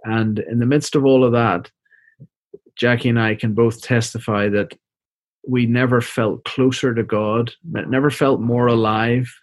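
A middle-aged man, a seminary professor and minister, telling a personal story as an interview guest in a soft, reflective, halting way, often repeating words as he goes. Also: mid-range voice, fairly even intonation, dry recording.

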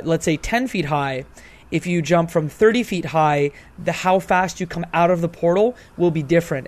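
A man's voice: on the high side, darkish tone. A man co-hosting a casual podcast, talking through a game with many fillers and restarts. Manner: rambling, hedging with fillers. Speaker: podcast co-host.

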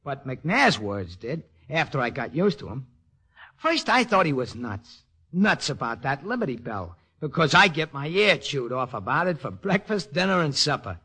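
A man's voice: fairly high pitch, big pitch swings, moderate pace, sharp tone, husky, heavily acted. An actor playing a streetwise young male soldier in a 1940s radio drama, talking in slangy working-class speech. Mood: earnest.

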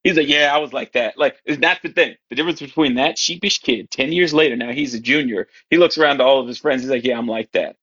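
A man who coaches high school football, a podcast guest telling wry anecdotes and acting out his players' voices. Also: fast talker, few pauses, a bit bright, breathy edge, lo-fi sound. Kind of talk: casual storytelling chat.

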